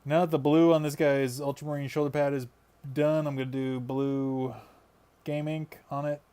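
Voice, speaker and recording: A man's voice: a little high, flat delivery, moderate pace, warm tone, clear, resonant tone. A man chatting casually on a live stream while he paints miniatures, rambling and laughing often.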